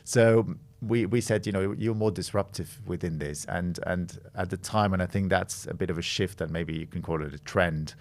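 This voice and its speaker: A middle-aged man from the Netherlands talks through his work as a podcast guest, with a low voice and a gravelly edge. He thinks aloud, pausing and restarting often, in a relaxed conversational way. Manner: thoughtful, with frequent hesitations and restarts. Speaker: guest, creative director of a design studio.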